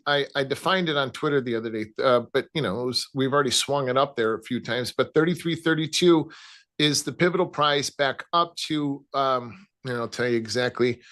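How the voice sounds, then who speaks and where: A man with a Chicago accent, casually talking through gold price levels as a trading analyst, with many halting restarts. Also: fairly high pitch, fairly bright tone. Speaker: futures trading guest analyst. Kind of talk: casual market talk.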